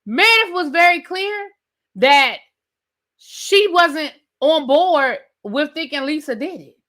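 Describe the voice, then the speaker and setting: A woman's voice: sits high, expressive, slow, a bit bright. A woman hosting a reality TV recap, ranting in a sassy, conversational way and talking straight to her viewers. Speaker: TV recap host. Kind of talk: animated reality TV rant.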